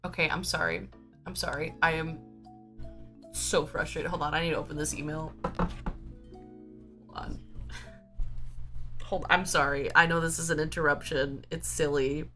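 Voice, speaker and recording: A woman's voice: sits low, flat delivery, a little fast, bright, forceful tone, faint music behind. A woman streaming from home in a casual, rambling chat, full of filler words and restarts. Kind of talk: casual chatty livestream talk.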